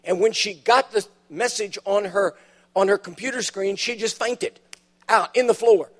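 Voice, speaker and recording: A high-pitched man delivering a sermon in a church. He tells funny stories with timed punchlines and leans hard on the key words. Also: moderate pace. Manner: storytelling with dramatic punchlines, emphatic rises. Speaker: preacher. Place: church auditorium.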